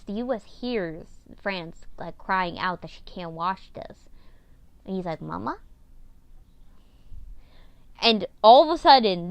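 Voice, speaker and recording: A woman's voice: mid-range voice, darkish tone, smooth, dry recording. A woman casually recapping an old story series of hers, rambling and self-mocking, with casual swearing.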